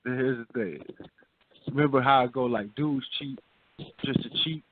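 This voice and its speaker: A man's voice: mid-range voice, steady tone, measured pace, dry recording. A man co-hosting a radio talk show, laid-back and repetitive, often checking in with his listeners. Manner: laid-back, repeats himself, says "you feel me" often. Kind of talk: casual frank chat. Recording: dry phone-like sound.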